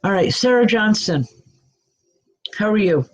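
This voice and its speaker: Halting woman medium giving spirit readings. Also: mid-range voice, animated, rough recording. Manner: halting, stop-start delivery with many restarts. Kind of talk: live online spirit reading.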